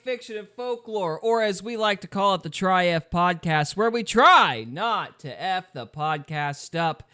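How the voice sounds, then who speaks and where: A man hosting a podcast with a bright, forward tone and a voice pitched a touch above most men. He is upbeat and joking, laughing easily while he chats. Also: lively intonation, a little slow, hardly any pauses, clear, resonant tone. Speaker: podcast host. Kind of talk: casual podcast chat.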